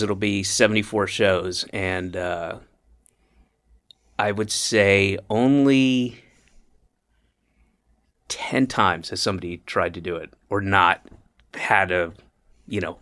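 A man hosting a podcast in casual chat, laughing loudly and retelling stage bits. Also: fairly low pitch. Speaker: podcast host.

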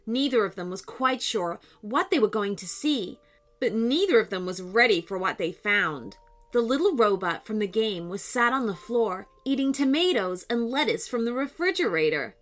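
A woman's voice: fairly high pitch, animated, moderate pace. A woman narrating a children's story expressively, voicing sound effects as she reads.

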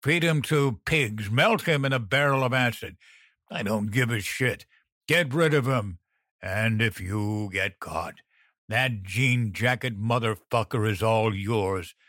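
A man's voice: on the low side, slow, a bit bright, no echo, studio quality. A man voicing a brutal, threatening male crime boss who roars and growls. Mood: menacing.

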